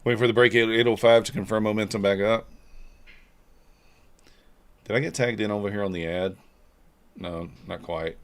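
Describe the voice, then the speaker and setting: A man casually talking through his own trades on a live stream, low-key and muttering his thoughts aloud. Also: steady tone, moderate pace, pauses often. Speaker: livestream futures trader.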